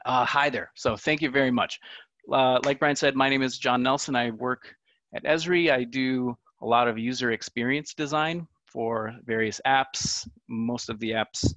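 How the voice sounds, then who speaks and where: A man's voice: medium pitch, moderate pace, a bit bright, dry recording. Chatty self-deprecating man, dull dry audio. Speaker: conference speaker. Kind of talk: casual online talk.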